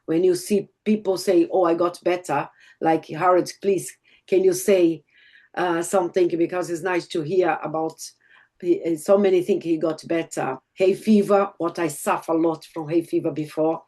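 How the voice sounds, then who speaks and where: Excited Brazilian woman on a call. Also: on the low side, normal speed. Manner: enthusiastic, emotional, non-native grammar. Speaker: network marketer giving a testimonial. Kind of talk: online group call testimonial. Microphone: video call.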